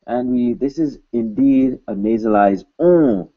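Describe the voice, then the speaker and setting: A man's voice: mid-range voice, measured pace, hardly any pauses, mellow, muffled recording. A man teaching a recorded language lesson, patiently repeating words and adding joking asides.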